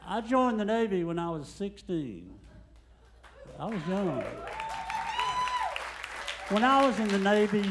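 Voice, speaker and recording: A man's voice: fairly high pitch, slight background noise. Older man telling stand-up jokes. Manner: deadpan joke telling with acted quotes. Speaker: stand-up comedian. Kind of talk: stand-up comedy set. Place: comedy club stage.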